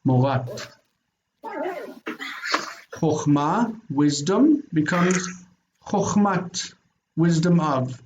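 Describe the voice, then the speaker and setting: A man teaching a Biblical Hebrew grammar lesson, explaining patiently and slowing down to spell out word forms. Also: fairly high pitch, lively intonation, darkish tone, highs cut off, slight background noise.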